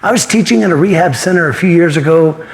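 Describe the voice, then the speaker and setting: A man's voice: a little high, quick pace. Earnest man in his fifties telling stories. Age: 50s. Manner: earnest, anecdotal, acts out dialogue. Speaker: guest, martial arts instructor. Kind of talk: interview storytelling.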